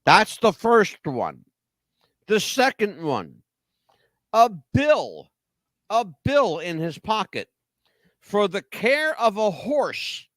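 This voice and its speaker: A man's voice: high-pitched, very animated, slow, long pauses, a bit bright, no echo, clean studio sound. A man hosting talk radio, telling a story dramatically with rhetorical questions. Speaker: radio host.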